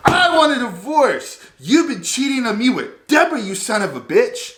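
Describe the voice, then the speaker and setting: A hysterical jealous wife shrieks her accusations in a shrill, high voice, as a man puts her on. The room adds a noticeable echo. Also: big pitch swings, normal speed, a bit bright, exaggerated voice. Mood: shrieking. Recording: roomy echo.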